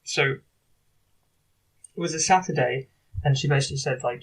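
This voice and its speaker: A man recording a confessional video diary, talking in a halting, rambling way with many restarts. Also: mid-range voice, breathy edge, far from the mic, rough recording. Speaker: video diarist.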